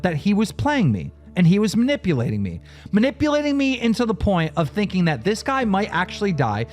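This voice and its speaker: A man recounts a tense phone call in a profane, emphatic way, his pitch sitting fairly high and leaping around with every point. Faint music plays beneath his voice. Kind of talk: heated storytelling on a talk show.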